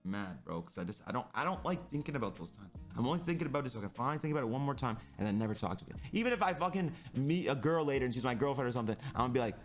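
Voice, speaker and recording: A man's voice: mid-range voice, lively intonation, racing, few pauses, faint music behind. A young man who streams, telling a personal story in an intense, rambling way that is full of swearing.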